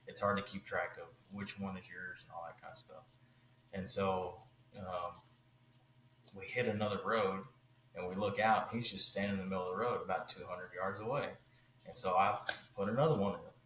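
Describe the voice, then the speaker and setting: A man telling a hunting story on a podcast, animated and loose, full of "like" and "you know". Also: deep voice, reverberant, slight background noise, poor audio. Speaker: podcast guest.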